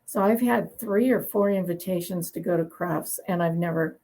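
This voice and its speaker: A woman dog breeder tells her stories in a relaxed, opinionated interview. Her voice is gravelly and husky, with a grainy, rough texture. She talks in a chatty way and laughs easily. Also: on the low side, moderate pace, poor audio. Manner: chatty, opinionated, laughs while telling anecdotes. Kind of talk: conversational interview storytelling.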